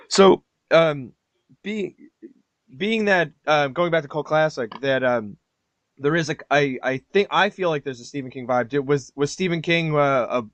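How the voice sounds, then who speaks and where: A man's voice: medium pitch, a bit bright, no echo. Man, podcast host, laughs a lot, casual, dry close sound, dull lo-fi. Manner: laughs often, easygoing. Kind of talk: casual interview chat.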